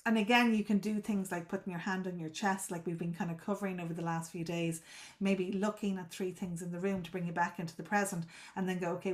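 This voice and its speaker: A woman with a fairly low-pitched voice coaches a group over a live video call, explaining things at length. She frequently repeats or restarts words and checks that everyone is following.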